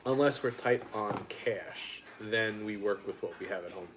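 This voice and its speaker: A man's voice: fairly low pitch, unhurried, noisy background. A man hosting a casual live-stream chat, telling stories bluntly and wryly and swearing freely. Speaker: host.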